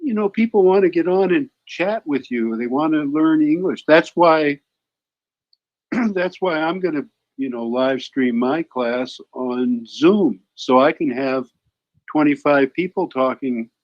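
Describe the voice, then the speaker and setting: A man's voice: a little high, expressive, measured pace, muffled recording. A man who is a guest teacher, chatting casually in long run-on suggestions that he restarts as he goes. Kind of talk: casual chat.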